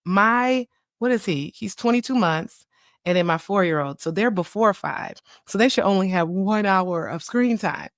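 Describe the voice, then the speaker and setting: A woman in her thirties hosting a podcast as a child psychiatrist, talking in a chatty, animated way and laughing easily. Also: medium pitch, moderate pace, no echo, clean studio sound. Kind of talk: casual solo podcast talk.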